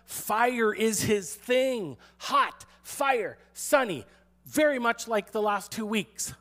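A man's voice: high voice, expressive, takes it slowly, fairly bright tone. A man who is a pastor, giving a sermon in a playful, sarcastic storytelling manner and acting out quotes.

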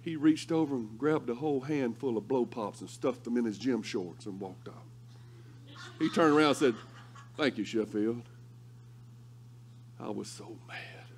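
A male pastor preaching a sermon through lively, humorous storytelling. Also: mid-range voice, moderate pace, slight background noise. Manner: animated, humorous storytelling with laughter.

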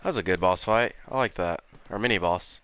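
A man's voice: low-pitched, brisk, smooth. A man giving casual, joking gameplay commentary, full of exclamations. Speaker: gamer. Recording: game audio with loud music.

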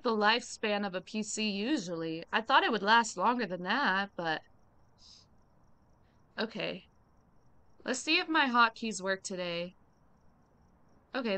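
Bright, slow-talking woman streamer. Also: fairly high pitch. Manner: chatty, relaxed, hums idly between remarks; slangy, talks straight to chat. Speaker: game streamer. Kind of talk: casual live-stream chat.

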